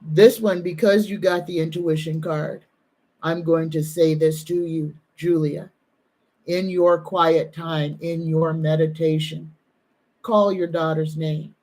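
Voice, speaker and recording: Low-pitched and mellow, her voice holds a steady tone through a live-stream reading she gives as a psychic medium and tarot reader. The delivery is slow, heartfelt, and soothing, with moments where she's close to tears.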